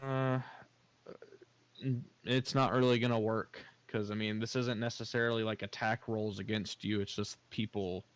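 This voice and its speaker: Man, low-pitched game master, halting casual narration full of restarts. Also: flat delivery, no echo, poor audio.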